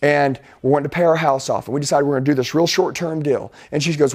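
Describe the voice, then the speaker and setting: A man's voice: a little high, fairly even intonation, quick pace, few pauses, a little mellow. A middle-aged man giving an intense, emphatic motivational talk as a sales and life coach. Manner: intense, emphatic preaching delivery.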